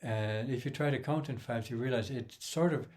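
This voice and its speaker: A man's voice: medium pitch, moderate pace, a little mellow. A man giving a casual music lesson, counting beats aloud and humming rhythms to explain metre. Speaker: music teacher.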